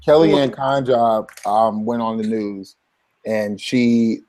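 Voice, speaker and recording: A man co-hosting a casual talk show, opinionated, pausing on ums. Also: lowish voice, a little mellow. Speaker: podcast co-host. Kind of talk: casual chat.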